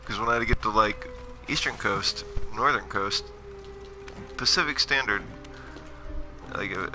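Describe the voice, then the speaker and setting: A man's voice: fairly low pitch, a little slow. A man giving casual, rambling commentary while playing a game, joking about himself as he goes. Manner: joking, rambling, self-deprecating. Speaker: gaming livestreamer. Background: game music.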